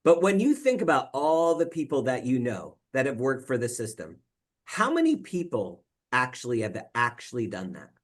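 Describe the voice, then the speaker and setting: A young man gives a conversational talk on retirement planning to an audience of local officials. He leans on personal stories, acts out quoted exchanges, and often restarts his phrases. His voice sits at an ordinary middle pitch. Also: huge pitch swings, moderate pace. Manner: frequent fillers and repeated words. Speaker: financial advisor presenting to municipal officials. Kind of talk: conference presentation talk.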